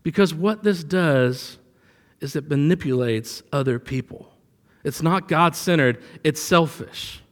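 A man with a high voice preaches in a relaxed, storytelling way, leaning hard on key words. His voice rings out with a long hall reverb. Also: a little slow. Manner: conversational preaching with anecdotes, rising for emphasis. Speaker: pastor. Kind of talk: sermon.

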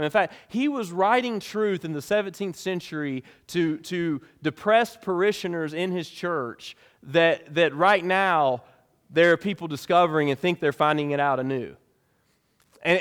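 A man preaching a sermon as pastor, with emphatic delivery that rises and drops sharply in pitch and volume. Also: long reverb tail.

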